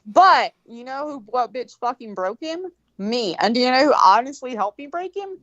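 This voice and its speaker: Animated profane woman telling a story. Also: high voice, moderate pace, no echo, highs cut off. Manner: animated, profane, acts out quoted voices. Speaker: guest. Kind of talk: casual storytelling.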